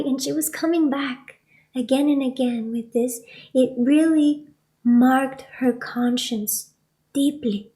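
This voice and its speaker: A woman, a spiritual teacher, telling a personal story in a soft voice that often drops to a whisper. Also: high voice, slow pace.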